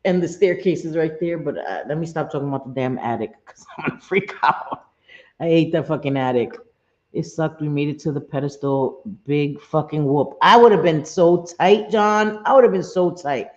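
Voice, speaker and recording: The host, a middle-aged woman, has a deep, darkish voice and talks at a normal speed during a relaxed livestream chat. Chatty and foul-mouthed, she chuckles often and reads the chat aloud while answering viewers at home, on roomy, dull lo-fi audio.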